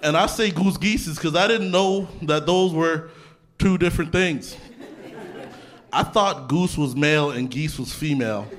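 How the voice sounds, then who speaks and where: A young adult man from Canada doing a stand-up comedy set in a theatre, talking conversationally with deadpan punchlines and casual asides. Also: fairly high pitch, measured pace. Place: theatre stage before a laughing audience. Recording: live theatre set with crowd laughter. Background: audience laughter.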